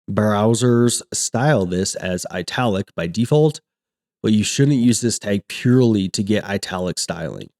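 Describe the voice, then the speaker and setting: A man explaining a coding topic step by step, reading example sentences aloud in a steady teaching manner. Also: lowish voice. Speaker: coding tutor. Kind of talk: screen-recorded coding lesson.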